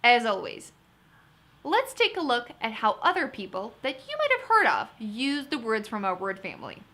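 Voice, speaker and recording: A woman's voice: on the high side, huge pitch swings, normal speed, bright, forceful tone. A woman teaching vocabulary in an upbeat, chatty lesson, talking to viewers as guys. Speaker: vocabulary tutor. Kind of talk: lively test-prep lesson.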